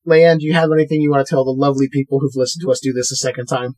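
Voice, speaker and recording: A man's voice: medium pitch, flat delivery, very fast, a little mellow. A man hosting a podcast, chatting casually and rattling off plugs and promos. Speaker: podcast host.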